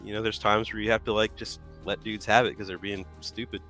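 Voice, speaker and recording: A man co-hosting a live painting stream, telling stories in a loud, animated way and laughing often. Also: on the low side, fairly quick, soft background music. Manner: animated storyteller, acts out yelling, laughs a lot. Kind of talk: casual chat, telling stories.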